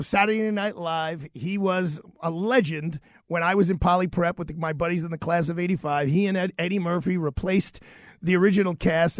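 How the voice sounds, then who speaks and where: A man in his fifties with a thick Brooklyn accent, hosting talk radio on a studio mic. He talks in an energetic, chatty, rambling way, his voice sitting high for a man. The sound is dry and close, with no room around it. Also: dry recording. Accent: Brooklyn, New York. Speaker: radio host. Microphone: studio broadcast mic.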